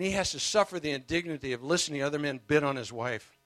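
A man preaching a sermon, telling a story with passion and emphatic swings in loudness. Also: fairly high pitch, fast talker, no room sound.

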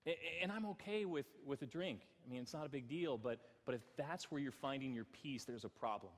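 A male pastor delivers an earnest, self-deprecating sermon, often stumbling and restarting over repeated words. His mid-range voice is expressive and brisk, and the recording carries the reverb of the church hall he's in.

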